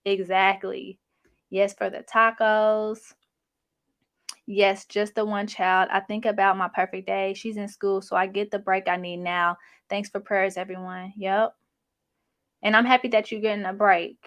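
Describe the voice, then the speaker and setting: A woman's voice: medium pitch, flat delivery, measured pace, fairly bright tone. A young adult woman hosting a casual livestream, reading chat comments in a chatty, sassy, slangy way. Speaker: channel host reading live chat.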